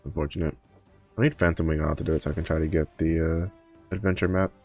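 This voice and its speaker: A man with a rumbling low, steady, slightly mellow voice talks fast during a casual game livestream, with soft music in the background. He rambles with many fillers and self-corrections, yawning and seeming somewhat tired.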